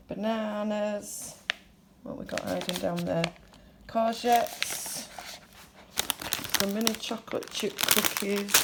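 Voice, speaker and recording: A woman's voice: medium pitch, background noise. An older woman vlogging, chatting casually as she lists her shopping item by item. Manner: chatty, listing items one by one. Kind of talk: casual shopping haul narration.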